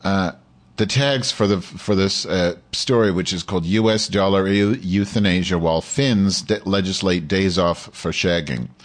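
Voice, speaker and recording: A man's voice: deep voice, normal speed. A man hosting a casual live show, reading a news story aloud, stumbling over words, swearing and trading sarcastic jabs with his audience. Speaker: show host.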